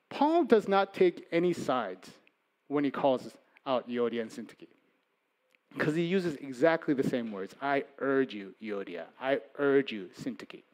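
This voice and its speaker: A man preaching a sermon as pastor, conversational, moving between loud emphasis and soft asides. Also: on the high side.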